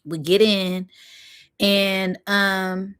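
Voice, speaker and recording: A woman vlogger telling a story in a casual, animated, slangy way, with spoken sound effects. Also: mid-range voice, very slow, clear, resonant tone.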